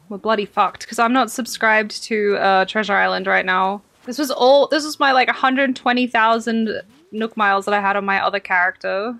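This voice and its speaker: A young Australian woman chatting over a game as a streamer, excitable, swearing freely and laughing often. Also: on the high side. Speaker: gaming streamer. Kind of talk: casual game commentary.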